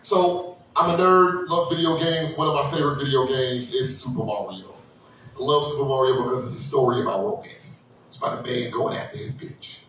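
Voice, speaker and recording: A man doing a stand-up comedy set, loud and crude, acting out characters in high squealing voices. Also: a little hiss or hum. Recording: echoey room, mic heard from a distance.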